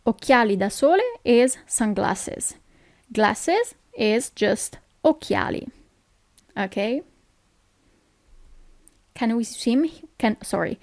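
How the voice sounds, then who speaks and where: A woman's voice: fairly high pitch, animated, slow, long pauses, darkish tone, no echo, clean studio sound. A woman from Italy with an Italian accent, teaching a language lesson, who explains things patiently and keeps checking in with "okay?".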